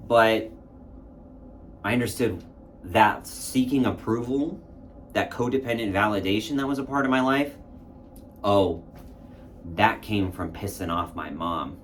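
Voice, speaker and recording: A man's voice: fairly low pitch, animated, normal speed, a bit bright, slight background noise. A man casually telling a candid, reflective personal story and acting out his own past thoughts. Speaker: spiritual content creator.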